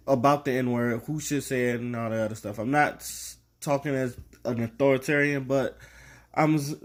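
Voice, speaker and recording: Young man ranting casually to camera. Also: mid-range voice. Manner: rambling, restarts a lot, gets louder and more heated as he goes. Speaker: vlogger. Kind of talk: casual opinion monologue to camera.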